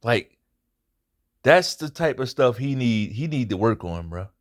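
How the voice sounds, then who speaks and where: A man's voice: medium pitch, very animated, measured pace. Blunt, profane man ranting about a fight. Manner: blunt, profane, emphatic, repeats points for emphasis. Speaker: boxing commentary channel host. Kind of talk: casual fight recap rant.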